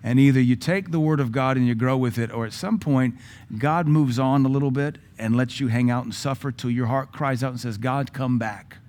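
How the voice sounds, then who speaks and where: A pastor preaching a sermon with a Southern American accent, blunt and sarcastic, acting out quotes. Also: male voice, mid-range voice, brisk, a little mellow.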